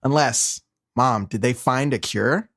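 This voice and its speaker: A man's voice: mid-range voice, takes it slowly, fairly bright tone, no echo, clean studio sound. A man reading a nervous young werewolf son who stammers and hesitates, in a script table read. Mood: flustered.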